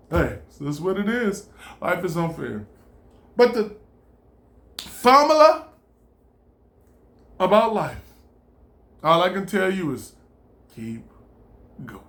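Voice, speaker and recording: A man giving an animated, preachy motivational monologue, laughing often and swearing freely. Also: high voice, unhurried. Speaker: vlogger.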